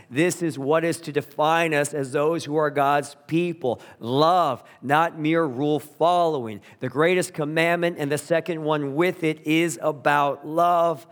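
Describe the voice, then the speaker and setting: A male pastor delivers an earnest, emphatic sermon, leaning on key words with slow, deliberate phrasing. His voice sits a little higher than most men's and rings out with a long reverb through a large church hall. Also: steady tone.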